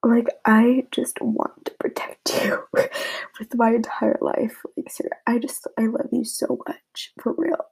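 Young woman, tearful heartfelt vlog message, halting half-whispered delivery; slow, breathy. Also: on the high side, flat delivery, darkish tone, rough recording. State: tearful, close to crying. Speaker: vlogger addressing friends. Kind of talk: heartfelt casual message to friends.

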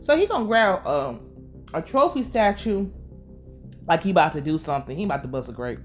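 A woman casually recapping a TV episode, animated and profane, laughing as she tells it. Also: fairly low pitch, fairly quick, soft background music. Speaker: show recap vlogger.

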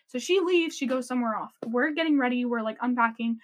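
A high-voiced young woman co-hosts a chatty podcast and spins a long, animated story. She fills it with "like" and breaks into laughter as she goes. Her voice sits well above the usual range. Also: fast, few pauses. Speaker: podcast co-host. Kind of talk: casual storytelling chat.

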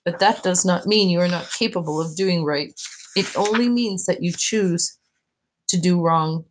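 A woman reading as a gentle old grandmother. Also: fairly low pitch, measured pace, a little hiss or hum, lightly acted, low-quality recording. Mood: tender. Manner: soft, tender storytelling. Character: elderly grandmother, gentle and kindly. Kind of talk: reading aloud from a novel.

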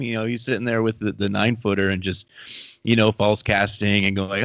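Deep-voiced guy chatting loosely, lots of you-knows, dry dull sound. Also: steady tone, a little fast, vocal fry, fairly bright tone, dry recording. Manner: rambling, many fillers and restarts. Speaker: fly fishing podcast co-host. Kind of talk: casual chat.

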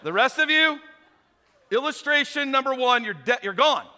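A man preaches to a packed auditorium, quizzing and teasing the crowd. His voice sits high and bright. A long reverb from the big hall trails every phrase. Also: normal speed, a little hiss or hum. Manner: animated, interactive, joking with the crowd. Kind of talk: sermon to a live auditorium. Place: large auditorium.

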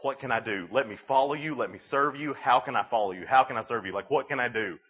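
A man's voice: medium pitch, fast talker, breathy edge, dull audio, natural voice. A man voicing a bewildered, formerly blind man in a retold gospel story, speaking in casual modern phrasing. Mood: eager.

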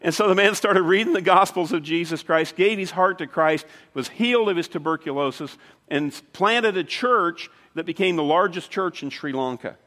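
A man's voice: high voice, normal speed, bright, forceful tone. A man preaching a sermon as pastor, telling a story in a conversational way with dramatic emphasis. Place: church sanctuary. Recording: long reverb of a large hall.

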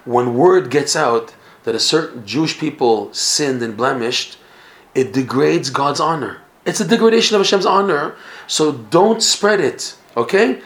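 A man teaching a Torah class, telling a story with lively feeling and mixing in Hebrew and Yiddish terms. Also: fairly high pitch, measured pace. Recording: echoey room.

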